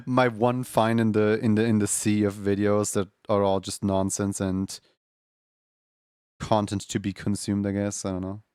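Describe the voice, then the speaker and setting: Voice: low-pitched, flat delivery, measured pace, pauses often, darkish tone, clean tone, no room sound, studio quality. A streamer in casual chat with viewers, rambling and laughing often.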